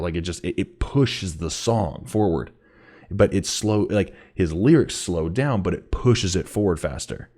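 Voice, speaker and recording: A man with a very deep voice gives casual reaction commentary on a rap song. He talks in halting bursts, repeating words as he thinks aloud, and his pitch leaps up when he gets excited. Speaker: music reaction host.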